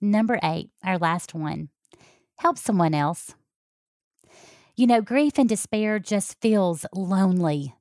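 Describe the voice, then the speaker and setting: Middle-aged health coach, folksy and direct, mid-pitched, dry recording. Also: female voice, expressive, slow, pauses often, no room sound. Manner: warm, folksy, talks straight to listeners. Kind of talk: heartfelt personal talk.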